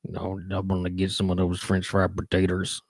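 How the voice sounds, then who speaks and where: A man doing an impression of a slow-witted backwoods man with a low, grunting drawl. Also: monotone, vocal fry, no room sound, clean studio sound. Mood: grim.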